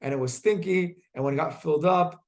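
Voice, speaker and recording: A man teaching a class, with a somewhat high, gravelly voice. He keeps asking his students questions and tells stories with energy. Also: a little fast. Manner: lively, asks the class questions. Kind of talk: classroom lesson with storytelling.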